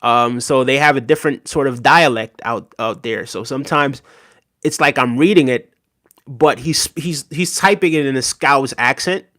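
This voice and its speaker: A man's voice: mid-range voice, normal speed, sharp tone, dry recording, studio quality. Earnest man hosting a live chat stream. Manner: earnest, repeats "right?", thanks chatters by name. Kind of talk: casual live chat commentary.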